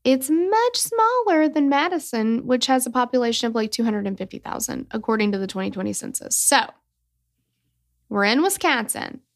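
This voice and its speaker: A young adult woman co-hosting a podcast, blunt and animated, who swears freely. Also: fairly high pitch, moderate pace. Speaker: podcast co-host. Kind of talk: casual podcast chat.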